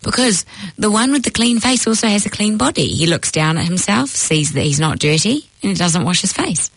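A woman's voice: mid-range voice, animated, a little fast, gravelly, husky, no room sound, rough recording. A woman voicing a teasing old-world rabbi. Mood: instructive. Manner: didactic, posing riddles. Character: patient, teasing male rabbi teacher.

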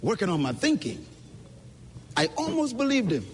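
A man's voice: sits high, wildly swooping pitch, moderate pace, a little hiss or hum. A man giving an emphatic, preacher-like motivational speech at a conference, speaking directly to the audience, recorded in a reverberant hall.

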